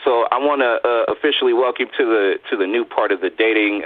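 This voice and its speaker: A man's voice: medium pitch, quick pace, no echo, narrow, tinny audio, soft background music. A man co-hosting a live radio chat show, joking around, hyping up his guest and laughing often.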